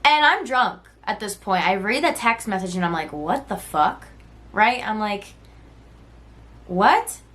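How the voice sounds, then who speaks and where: A woman's voice: mid-range voice, animated, normal speed, hardly any pauses, bright, forceful tone. A woman in her twenties telling a personal story in a casual, conversational vlog, peppered with "like" and the occasional swear word. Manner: conversational, frequent "like" and "right?", swears freely; candid, retelling texts in quoted voices.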